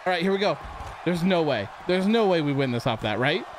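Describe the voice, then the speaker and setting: A man with a high voice calls his game as he plays, excitable and loud in his reactions. He jokes and argues with the characters on screen. Clear noise hums under the recording. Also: fairly quick. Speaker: gaming channel host. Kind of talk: let's play commentary.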